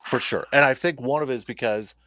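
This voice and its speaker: A man's voice: mid-range voice, fast, sharp tone, slight background noise. A man hosting a casual sports talk show. He rambles a bit, with plenty of fillers and restarts. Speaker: host.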